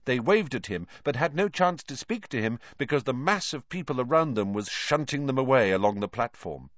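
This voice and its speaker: A man reading a story aloud in an animated storytelling manner, on a dull lo-fi recording. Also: mid-range voice, fairly quick, no room sound. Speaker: narrator. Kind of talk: audiobook reading.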